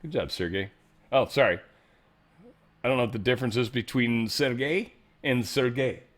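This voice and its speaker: A man hosting a casual news commentary show. He rambles, jokes and swears, and his pitch and loudness swing a lot. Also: brisk. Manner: joking, rambling, profane. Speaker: show host.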